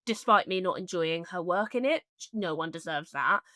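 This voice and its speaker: A woman's voice: fairly low pitch, lively intonation, moderate pace, bright, forceful tone, no echo. A woman co-hosting a podcast in casual chat, blunt and opinionated, swearing freely. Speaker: podcast co-host.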